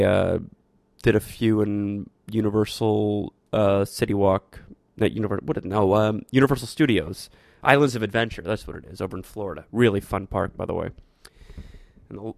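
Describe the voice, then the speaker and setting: A man's voice: fairly low pitch, gravelly, dry recording, clean studio sound. A man hosting a show, talking through his thoughts in a rambling, reflective monologue with frequent restarts. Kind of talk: casual monologue.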